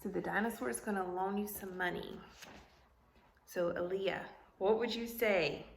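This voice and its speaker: A woman teacher reading a picture book aloud to young students, asking them questions in an animated, sing-song way. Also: medium pitch, measured pace, vocal fry, reverberant, a little hiss or hum.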